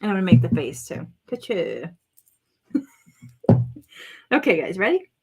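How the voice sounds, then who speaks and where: A woman's voice: medium pitch, very animated, moderate pace, husky, faint music behind. A woman vlogging at home as she does a craft project, chatting to viewers and exclaiming over colors as she works. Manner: chatty, self-narrating while working, exclaims over colors. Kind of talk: casual crafting chat to viewers.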